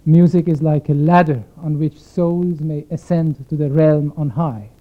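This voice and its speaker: A man's voice: fairly high pitch, fairly even intonation, a little slow. A man who is a concert violinist, speaking to the audience before a piece in a reflective, explaining way and asking them questions. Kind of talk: spoken introduction at a concert. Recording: thin phone-like sound.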